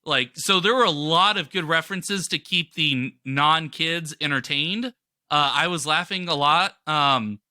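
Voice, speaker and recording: Bright, excited podcast cohost man. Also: fairly high pitch, a little slow, dry recording, clean studio sound. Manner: enthusiastic, rambling with fillers. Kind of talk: casual pop-culture chat.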